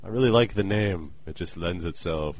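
A deep, darkish-voiced man hosts a casual podcast, chatting with a co-host over a Skype call. He's playful and jokey, slipping into quick put-on voices.

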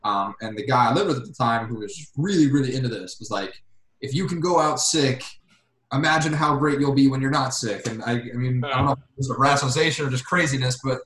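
Brief: mid-pitched man, laid-back storyteller, echoey room. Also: fast. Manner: relaxed, hesitant with fillers. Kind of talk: casual storytelling chat.

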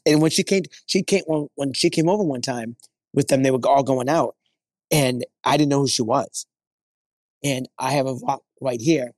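A middle-aged man speaks earnestly and warmly about his family. He often slips into animated voices to quote other people. The sound is dry, with no room around him. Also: mid-range voice, normal speed, no room sound. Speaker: guest. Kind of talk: casual conversation.

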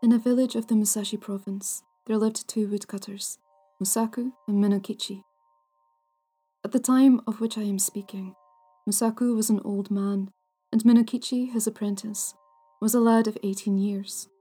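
A woman narrating old ghost stories in a hushed, measured way, at times near a whisper. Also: medium pitch, steady tone, husky, faint music behind. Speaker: storyteller, podcast host.

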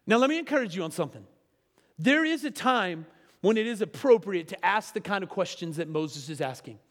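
A man with a fairly high voice preaches a sermon, keeping it conversational and checking in with his listeners through frequent tag questions. His voice carries a long reverb from a church sanctuary. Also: lively intonation, a little fast, a bit bright. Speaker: pastor.

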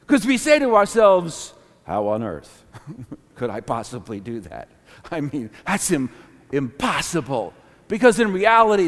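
A high-pitched, lively male preacher delivers a sermon that lurches from loud, ringing peaks down to soft, murmured lines. His voice rolls through a long reverb, as if filling a big auditorium. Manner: dramatic swings from booming to hushed, laughing between phrases.

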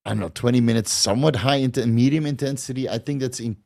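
Answering viewers' questions in a loose monologue, this host talks quickly in a warm, creaky, medium-pitched voice. He's blunt and meandering, constantly restarting, using fillers and cursing.

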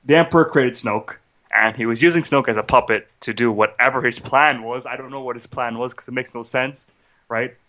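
Male podcast co-host, agitated ranter, bright edge, muffled home-recorded sound. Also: medium pitch, steady tone, a little fast. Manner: agitated, restarts, rhetorical "right?". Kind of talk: casual film rant.

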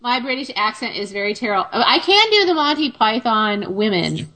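Female co-host, slightly high voice, teasing, noisy feed. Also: sing-song, moderate pace. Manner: teasing, joking. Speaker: co-host and producer. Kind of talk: casual chat.

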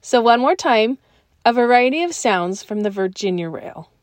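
A woman's voice: on the high side, expressive, normal speed. A woman hosting a podcast, reading scripted narration in a friendly, enthusiastic way with chatty personal asides. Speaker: podcast host.

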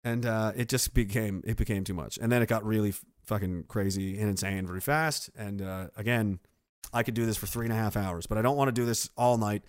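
A man's voice: on the low side, fairly quick, no echo, studio quality. A man streaming casually, reading out chat messages with a sarcastic, rambling manner. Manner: sarcastic, rambling, many fillers.

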